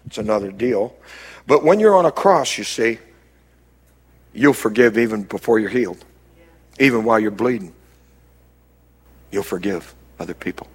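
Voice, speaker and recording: A man preaching a sermon as a pastor, dropping low and quiet and then rising to emphatic, raised lines. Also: husky.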